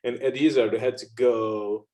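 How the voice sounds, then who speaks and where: A man's voice: medium pitch, steady tone, moderate pace, darkish tone. A man hosting a casual chat, laughing often and acting out little quotes. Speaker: podcast host. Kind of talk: casual conversation.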